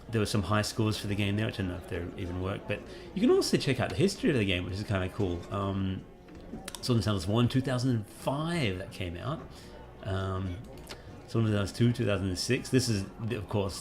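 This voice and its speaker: A man, a game developer giving rambling, relaxed gameplay commentary with plenty of fillers. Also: sits low.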